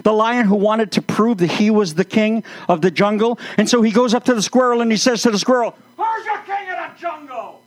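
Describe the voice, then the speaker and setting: A male pastor with a notably high voice delivers his sermon in a lively, joking storyteller's manner, drawing out key words to make a point. The sound is dry and close, with no room around it. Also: a little fast, hardly any pauses, no room sound. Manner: playful storytelling with self-mocking jokes.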